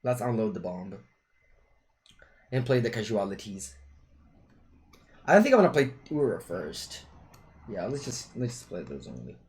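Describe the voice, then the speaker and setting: A man's voice: fairly low pitch, a little slow, long pauses. A young man with an Italian accent chatting casually with viewers while streaming a card game. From Italy. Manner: chatty, animated, switches between English and Italian phrases.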